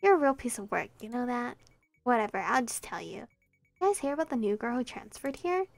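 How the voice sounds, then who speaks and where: A prankish teenage schoolgirl from a visual novel, read out by a woman. Her high voice bounces all over as she teases, getting loud and exasperated. The sound is close and dry. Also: big pitch swings, fairly quick, vocal fry, no echo, faint music behind. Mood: teasing. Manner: loud, exasperated jumps in pitch.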